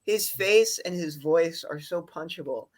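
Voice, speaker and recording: A young podcast co-host at a middle pitch, talking in a casual movie review chat. The delivery is animated and exasperated, building into rants about what bugs them. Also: a little slow.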